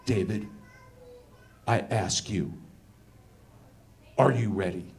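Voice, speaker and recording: A man voicing a solemn, grandiose male film director who speaks slowly in a hushed, theatrical build-up. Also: lowish voice, voice pushed down.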